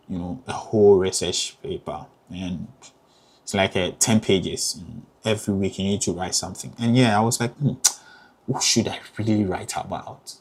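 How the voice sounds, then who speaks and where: This low-voiced young man from Ghana has a Ghanaian accent and studies theatre at graduate level. His advice comes out casual, talkative and emphatic, peppered with "you know."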